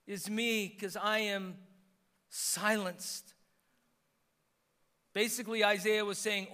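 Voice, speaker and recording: A man preaching a sermon as pastor, swinging between hushed asides and emphatic, animated lines, in a church sanctuary. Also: high voice, a little slow, clean tone, big-room sound.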